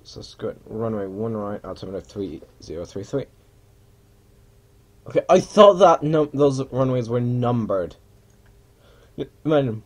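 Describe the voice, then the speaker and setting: A man narrates his flight-simulator session in loose, self-mocking commentary. He talks slowly, with a lively, swinging pitch. He mutters asides to himself and drops into mock cabin announcements. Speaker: gamer playing a flight simulator. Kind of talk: casual gameplay commentary.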